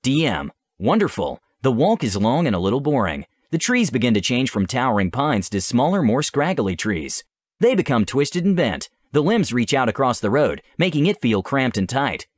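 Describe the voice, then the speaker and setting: A man narrating a tabletop adventure as game master, with measured, descriptive storytelling. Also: medium pitch, big pitch swings, dry recording.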